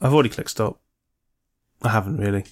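A man's voice: lowish voice, a little fast. A man co-hosting a podcast in casual chat, rambling and swearing as he gets worked up about film trivia. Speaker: podcast co-host.

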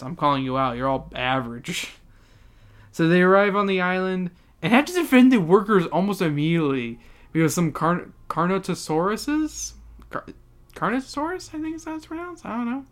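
Rambling profane podcast host. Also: mid-range voice. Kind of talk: comedic book recap.

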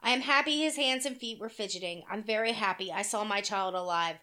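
A woman co-hosting a casual podcast chat, blunt and crude, cracking dark jokes and swearing freely. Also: mid-range voice, fairly quick. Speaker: podcast co-host.

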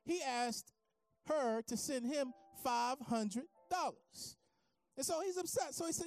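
A preacher with a high voice takes his time telling a story in a sermon, building from calm teaching to shouted, sing-song preaching. The recording is dry.

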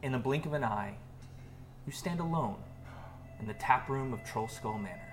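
A man narrating as game master of a tabletop game, slow and deliberate with dramatic pacing. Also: medium pitch, animated, slight background noise. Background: music.

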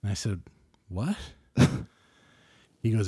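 A middle-aged man hosting a podcast, telling a story casually and getting animated and louder as he gets worked up. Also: on the low side, normal speed, no room sound, studio quality. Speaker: podcast host.

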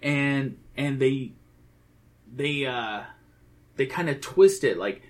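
A man's voice: medium pitch, expressive, slow pace. Chatty man rambling about a movie. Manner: chatty, enthusiastic, rambling with fillers. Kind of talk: casual movie review chat.

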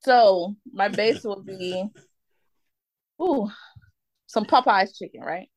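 A woman's voice: medium pitch, slow. A woman talking on a casual podcast, insistent and firm when she explains herself. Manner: insistent, defensive when challenged. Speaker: podcast co-host. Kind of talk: casual chat.

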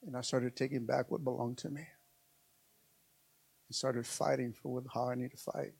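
A man's voice: medium pitch, level tone, moderate pace, vocal fry, darkish tone, breathy edge. A man preaching a sermon as pastor, emphatic and repetitive, calling out to his congregation again and again.

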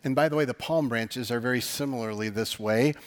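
A man's voice: mid-range voice, a little fast. A man preaching a sermon as pastor, talking conversationally, asking the audience rhetorical questions and using dry sarcastic humor.

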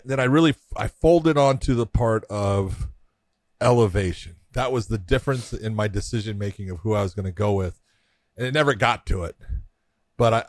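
A man's voice: medium pitch, dry recording. Laid-back middle-aged man analyzing fights. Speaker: podcast co-host. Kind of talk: casual chat.

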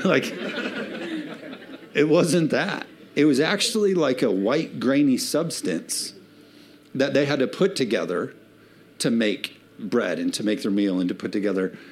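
A man preaching a sermon to a church congregation in a loose, conversational way, mixing jokes into his message. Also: medium pitch. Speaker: pastor. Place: church sanctuary before a congregation.

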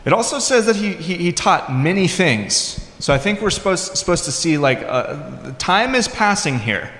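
A male pastor giving a sermon in a conversational way, acting out quoted lines with lively voices. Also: high voice, moderate pace. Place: church hall. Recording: echoey hall.

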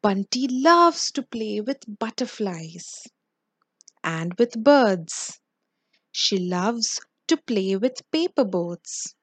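A woman reading a children's story aloud in a slow, expressive way. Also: mid-range voice, slightly rough, dry recording.

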